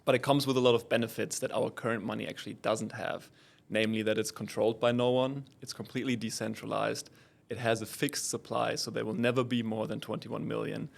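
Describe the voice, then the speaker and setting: Calm German-accented man with gravelly tone. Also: on the low side. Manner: calm, measured explaining. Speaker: guest expert. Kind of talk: explanatory interview answers.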